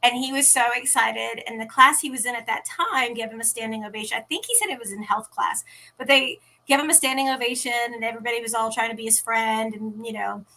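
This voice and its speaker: Bright, animated woman telling stories. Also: fairly high pitch, fast. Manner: animated, acts out quoted dialogue. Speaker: interview guest, teen podcast organizer. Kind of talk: casual interview storytelling. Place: at home.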